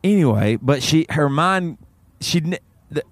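A man tells a story on a podcast, and his voice jumps high as he laughs through it. His pitch sits a little high, and the sound is dry and close. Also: expressive, unhurried, no echo. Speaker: podcast co-host. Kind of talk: casual storytelling chat.

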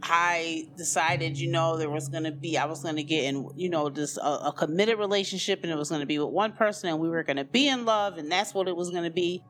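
Over soft background music, a woman with a low-sitting, a bit bright voice recounts her own life candidly, a little fast and with hardly any pauses. It's unscripted and conversational, with lots of "you know" and "like."

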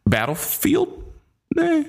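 A man's voice: very high voice, creaky. A man co-hosting a casual podcast, bantering about video games and films. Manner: animated, quick banter with laughs. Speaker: podcast co-host. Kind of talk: casual chat.

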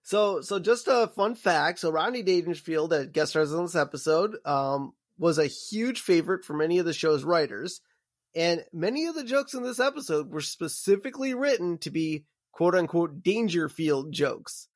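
A man's voice: fairly high pitch, lively intonation, moderate pace. A man co-hosting a podcast in casual chat, laid-back, sharing trivia and short agreeing replies. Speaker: podcast co-host.

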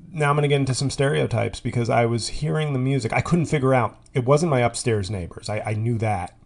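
A man's voice: mid-range voice, creaky, darkish tone. A man hosting a podcast, telling a rambling comic monologue full of tangents, fillers and restarts. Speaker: podcast host. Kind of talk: comedic monologue.

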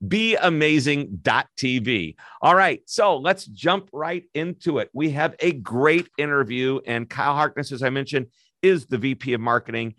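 A man's voice: mid-range voice, moderate pace, a bit bright, no echo, clean studio sound. Upbeat chatty man hosting a podcast. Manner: upbeat, chatty, stumbles over words. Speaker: podcast host. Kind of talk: business interview podcast.

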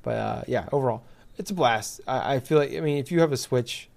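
A man's voice: medium pitch, brisk, creaky, darkish tone. Profane, ranting man in casual chat. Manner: profane, exasperated ranting with many fillers.

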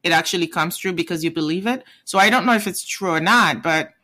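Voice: mid-range voice, a little fast, pushed and bright. A language teacher from Haiti with a Haitian accent, a native Haitian Creole speaker, giving a casual video lesson patiently, repeating words and checking in with "okay?" and "right?". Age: adult parent.

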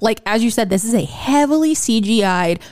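A young woman co-hosting a casual podcast chat, expressive and enthusiastic. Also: a little high, fairly quick. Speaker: podcast co-host.

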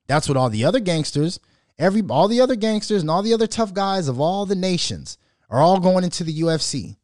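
Foul-mouthed guy ranting on his podcast, kinda high voice, jumps all over the place. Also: a little fast, no room sound, studio quality. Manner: profane, loud, mocking, animated. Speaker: podcast host. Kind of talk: casual commentary rant.

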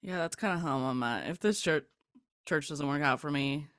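A woman's voice: deep voice, normal speed, fairly bright tone, dry recording, studio quality. A young woman hosting a podcast in casual chat, laughing often and swearing freely as she tells stories. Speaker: podcast host.

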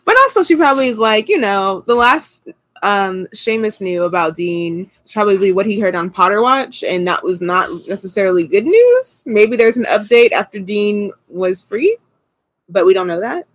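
A playful woman co-host chatting casually about a book, tossing out slang with animated energy. Her voice sits close to the mic with a dry, unechoing sound. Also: medium pitch, moderate pace, no echo. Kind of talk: casual book-club chat.

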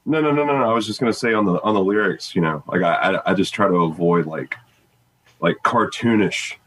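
A man's voice: sits low, a little fast, fairly bright tone, breathy edge, poor audio. A man who writes lyrics for a band, talking in casual interview chat with hesitant, stammering restarts.

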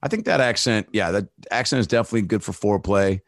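Very deep-voiced joking comedian man. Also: lively intonation, fast talker, slight background noise. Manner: loose riffing with profanity and fillers. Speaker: comedian guest. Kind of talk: casual comedic podcast chat.

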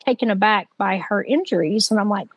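A woman's voice: medium pitch, a little fast, husky, no echo, poor audio. A woman, speaking as the victim's sister and recounting what happened in a conversational way, with lots of fillers. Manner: conversational, with many "like" and "you know" fillers. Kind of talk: recounting a personal story.

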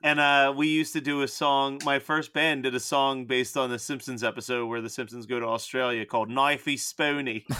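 A man co-hosting a casual podcast about a movie, animated and laughing often, slipping into put-on accents. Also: medium pitch, normal speed, hardly any pauses, clear, resonant tone. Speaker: podcast co-host. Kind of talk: casual movie review chat.

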